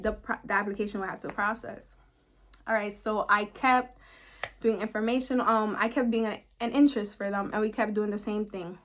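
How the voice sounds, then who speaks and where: A young woman vlogging, telling a personal story in an animated, emphatic way, repeating words for emphasis. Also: a little high. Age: young adult. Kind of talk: storytime vlog.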